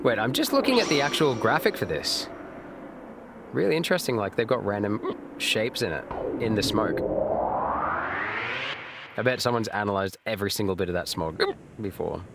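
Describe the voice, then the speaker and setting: Over loud music, a lowish-voiced man streams a game, very animated at a normal pace with long pauses. He chats loosely with his audience, reads their messages aloud and replies, restarting often, using lots of fillers and swearing now and then.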